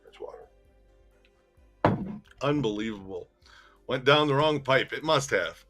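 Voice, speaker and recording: A man's voice: mid-range voice, animated, measured pace, fairly bright tone, faint music behind. A man hosting a casual podcast, laughing often and teasing his co-host while reading out viewer comments.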